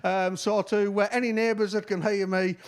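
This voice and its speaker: A man with a Cumbrian accent, chatting casually as he reads out shout-outs, rambling and using broad dialect words, his voice a bit worn. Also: high voice, little pitch movement, normal speed, smooth. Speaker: musician giving shout-outs. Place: at home.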